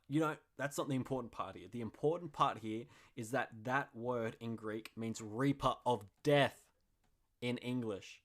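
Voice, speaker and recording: Excitable young podcast host. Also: male voice, medium pitch. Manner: excitable, slangy and jokey. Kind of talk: casual podcast monologue.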